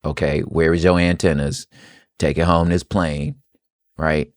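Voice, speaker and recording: A man hosting a podcast, giving casual, expressive commentary in a conversational way. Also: extremely low pitch, a little slow, dry recording, clean studio sound. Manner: expressive and conversational, slips into playful quoted voices. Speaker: podcast host.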